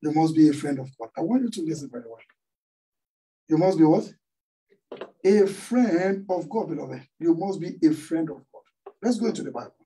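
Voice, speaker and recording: Brisk, animated, and dark in tone, a fairly high-pitched male voice carries a sermon delivered by a middle-aged Nigerian pastor with a Nigerian accent. He throws call-and-response questions at the congregation, who complete his sentences, and he sounds a little distant from the microphone.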